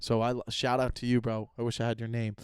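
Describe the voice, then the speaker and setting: Speaking fast and in a monotone, a young podcast host rambles through a casual solo chat, cursing while he vents about his audience. His mid-range voice is clear and resonant, picked up by a close podcast microphone.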